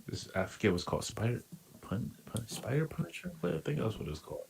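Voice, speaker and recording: A man's voice: mid-range voice, sing-song, fast, creaky, breathy edge. A man from the United States, a podcast guest, rambling in a loose, playful way and teasing his co-host. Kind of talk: casual chat.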